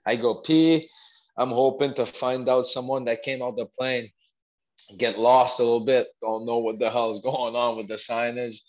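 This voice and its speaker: Man telling stories haltingly. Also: medium pitch, fairly even intonation, lo-fi sound. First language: French. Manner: halting, many restarts and fillers. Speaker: guest, former athlete. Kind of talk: casual storytelling interview.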